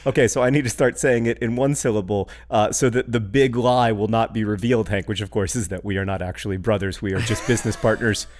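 A man with a Midwestern American accent co-hosting a podcast, joking in a playful, deadpan way and laughing easily. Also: lowish voice, fast, few pauses, a little hiss or hum. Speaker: podcast co-host. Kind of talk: casual chat.

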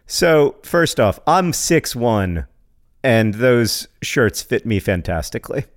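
A man, a father of a small child, co-hosting a casual comedy podcast with dry jokes and halting restarts. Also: mid-range voice, sing-song. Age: adult with a young child. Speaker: podcast co-host.

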